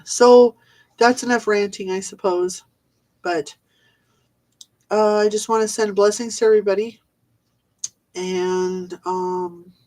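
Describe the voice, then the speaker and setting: A woman's voice: medium pitch, darkish tone, rough recording. A woman vlogging a rambling, exasperated rant, swearing and trailing off with fillers. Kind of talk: ranting casual monologue.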